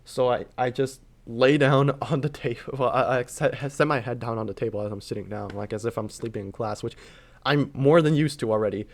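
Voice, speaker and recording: Young man, casual storytime, rambling, filler-heavy, middle pitch. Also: a little fast, vocal fry. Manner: rambling with constant filler words.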